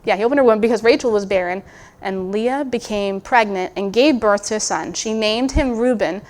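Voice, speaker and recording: With a mid-range voice at a moderate pace, this woman gives a sermon as a guest preacher, musing informally, restarting and going off on asides. Now and then she speaks aloud what a biblical character is thinking.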